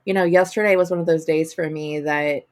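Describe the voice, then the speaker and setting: A woman's voice: sits low, steady tone, fairly quick. A woman co-hosting a casual podcast chat, telling stories and acting out what she said to herself. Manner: storytelling, acts out her own past remarks. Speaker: podcast co-host.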